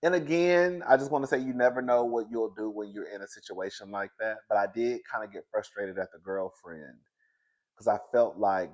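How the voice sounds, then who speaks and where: A man hosting a casual pop-culture commentary show, animated and dramatic, calling everyone "girl" and laughing often. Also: fairly low pitch, a little fast.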